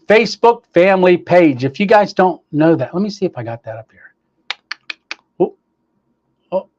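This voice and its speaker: A man hosting a casual livestream, cheerfully greeting viewers by name and reading their comments, with many pauses and fillers. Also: fairly high pitch, muffled recording. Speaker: livestream host. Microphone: clip-on microphone, sometimes staticky.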